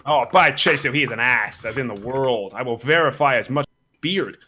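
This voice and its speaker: A blustering, pedantic old-time army captain, as a man puts him on, in a silly raised voice for a comic Shakespeare read-through. He lectures at medium pitch with a pompous swagger, heard over a voice call. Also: moderate pace, pushed and bright, a little hiss or hum, close to an everyday voice. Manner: pompous, repeats "look you", raised pitch.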